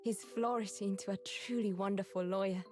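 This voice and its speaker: A woman voicing an earnest, formal young woman in a game, speaking in a measured, polite way. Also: mid-range voice, fairly even intonation, soft background music, natural voice. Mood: wistful. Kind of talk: game voice acting.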